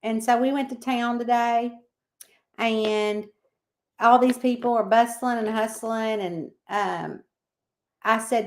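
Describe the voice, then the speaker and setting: A chatty woman hosts a relaxed livestream. She reads viewers' comments aloud and answers them by name. Her voice sits a little high. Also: takes it slowly, pauses often. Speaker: livestream host. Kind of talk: casual livestream chat.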